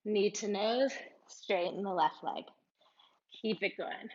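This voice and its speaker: Female yoga teacher, unhurried encouraging cues, slightly muffled recording. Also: mid-range voice. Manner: calm, encouraging cueing with breathy laughs. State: out of breath at times. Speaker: yoga instructor. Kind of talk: guided yoga class cues.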